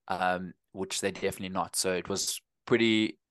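Guest: 30s South African man, low voice, dry close sound, relaxed and rambling. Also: moderate pace, no echo. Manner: easygoing, rambling with frequent restarts. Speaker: running coach, guest. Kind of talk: casual interview chat.

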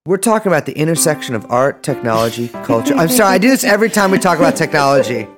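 A young man co-hosting a podcast in casual comedic chat, rambling through deadpan jokes with lots of fillers and restarts. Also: fairly high pitch, rapid-fire, music in the background. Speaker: podcast co-host.

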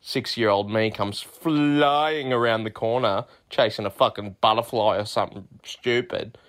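A man's voice: on the low side, measured pace, a bit bright. An Australian man leaving a jokey, crude voicemail, telling a childhood story. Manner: crude, jokey yarn-spinning. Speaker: caller.

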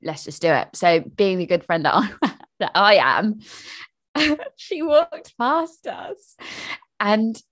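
A woman's voice: mid-range voice, slow pace, long pauses. A woman co-hosting a book podcast, telling stories in casual chat with laughs and restarts. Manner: chatty, animated storytelling with laughs and restarts. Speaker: podcast co-host.

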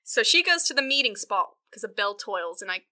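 A woman's voice: mid-range voice, big pitch swings, brisk, pushed and bright. A woman co-hosting a podcast, casually recapping a movie in a chatty, filler-heavy way and swearing freely. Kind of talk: casual film recap chat.

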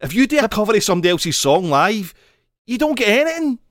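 Scottish man, podcast co-host, animated pitch, rambling, sweary, dry sound. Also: quick pace, dry recording. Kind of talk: casual chat.

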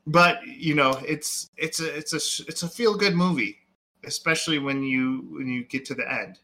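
A man's voice: fairly high pitch, moderate pace, sharp tone. Rambling man chatting about movies. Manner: rambling, full of "like" and "um". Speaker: podcast co-host. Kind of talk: casual movie chat.

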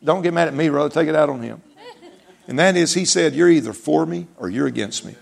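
A man's voice: fairly high pitch, fast, gravelly. A man preaching a sermon in an emphatic, repetitive way, mixing in folksy humor.

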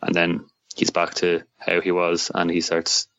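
A man co-hosting a casual podcast in a relaxed way, often trailing off mid-sentence. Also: deep voice, a little slow, gravelly, no echo. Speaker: podcast co-host. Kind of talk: casual chat reviewing TV episodes. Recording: dull, muffled, dry mic.

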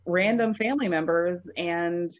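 A woman's voice: lowish voice, unhurried. A woman co-hosting a podcast, chatting in a gossipy, incredulous way. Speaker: podcast co-host. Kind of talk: casual chat. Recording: dull lo-fi sound.

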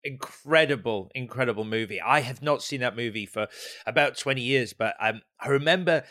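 Enthusiastic male podcast host, bright tone. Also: mid-range voice. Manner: enthusiastic, halting with repeated words. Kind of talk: casual interview.

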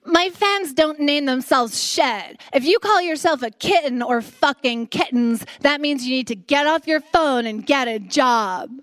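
A Canadian woman putting on a reality-TV real-estate voice, in a haughty, drawn-out mock reading. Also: high voice, lively intonation, fairly bright tone, no echo.

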